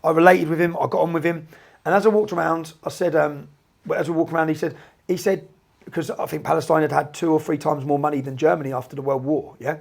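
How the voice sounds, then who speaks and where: A man with an English accent, a guest recounting conversations in an animated way and tagging his sentences with "yeah?". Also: on the high side, fast talker, creaky. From England. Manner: recounts dialogue, frequent "yeah?" tags.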